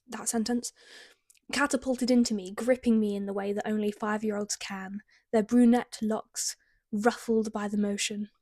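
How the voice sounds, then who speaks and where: A woman's voice: mid-range voice, a little mellow, dry recording. A young British woman reads her teenage novel aloud, breaking in with wry, self-mocking comments. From Britain. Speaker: author reading her teen writing. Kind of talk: reading aloud with comic commentary.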